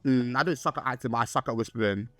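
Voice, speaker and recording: A man's voice: fast, no echo. Chatty young man, dry sound. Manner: rambling and chatty, full of fillers and restarts; excitable, with swoops up in pitch. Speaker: podcast host. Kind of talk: casual solo podcast chat.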